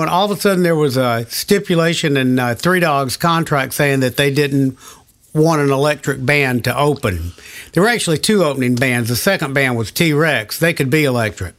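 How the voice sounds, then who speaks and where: Older man, interview guest, reminiscing, rambling, searching for names, somewhat high voice. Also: a bit bright. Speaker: session guitarist interviewee. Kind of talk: oral history interview.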